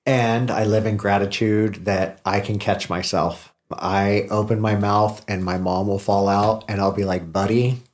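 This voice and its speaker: A middle-aged man with a deep, low-pitched voice talks openly on a podcast. He is candid and self-deprecating, owning his faults and dropping swear words in casual conversation. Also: level tone, unhurried, few pauses. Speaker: podcast host.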